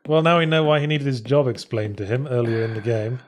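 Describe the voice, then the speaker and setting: Male game developer on a commentary track, mid-pitched, deadpan and matter-of-fact. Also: a little fast.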